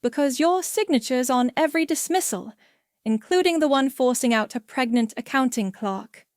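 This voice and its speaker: A woman's voice: high voice, expressive, normal speed, darkish tone, dry recording, clean studio sound. A woman voicing a firm, matter-of-fact office colleague in a storybook reading. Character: calm, firm office colleague exposing wrongdoing.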